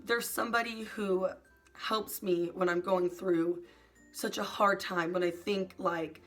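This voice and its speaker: A young woman YouTuber talking in a soft, hesitant confessional vlog, full of "like" fillers and sometimes close to tears. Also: fairly low pitch, steady tone, unhurried, soft background music. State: emotional, near tears at times.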